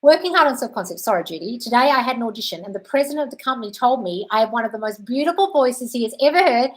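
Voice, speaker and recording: The host races along in a fairly high voice with lively intonation. In an Australian accent she reads out viewer comments and answers them chattily, sprinkling in swear words and calling everyone darling.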